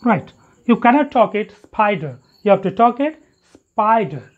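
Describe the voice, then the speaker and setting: This English teacher, medium-pitched and talking a little fast, runs a phonetics lesson on a dull lo-fi recording. The teacher goes through example words one by one and fixes incorrect pronunciations.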